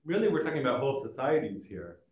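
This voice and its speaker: A man's voice: mid-range voice, sing-song, fast, a little mellow. Man teaching a college sociology class, chatty and searching for words, heard from a distance in a reverberant room. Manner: conversational, many fillers and restarts. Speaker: sociology lecturer. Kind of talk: recorded college lecture. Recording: echoey room, mic at a distance.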